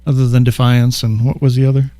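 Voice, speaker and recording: A man's voice: medium pitch, flat delivery, quick pace, mellow, dry recording. A man co-hosting a casual podcast chat, easygoing and often laughing. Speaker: podcast co-host.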